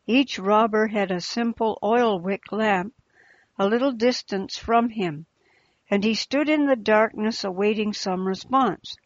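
Slow, deliberate woman storyteller. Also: medium pitch, dry recording, lo-fi sound. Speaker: narrator. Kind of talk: storybook reading.

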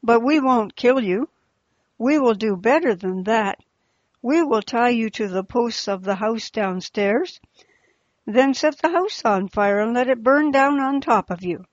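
A woman's voice: on the high side, expressive, unhurried, no room sound. A woman voicing a gang of male rebel robbers who snarl and mock threats, in a slightly muffled recording.

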